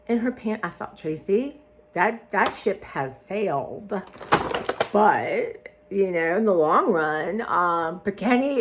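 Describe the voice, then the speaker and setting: A woman's voice: medium pitch, fairly bright tone. A woman chatting casually to her viewers, meandering with lots of ums and restarts. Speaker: vlogger. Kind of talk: casual rambling chat to viewers.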